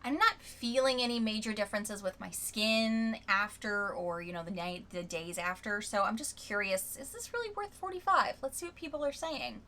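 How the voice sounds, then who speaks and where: A woman's voice: mid-range voice, moderate pace, hardly any pauses. A young adult woman reviewing beauty products in a casual vlog, reading viewer comments aloud in a chatty, candid way. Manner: chatty and candid, rereads quotes with lively emphasis. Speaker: beauty vlogger.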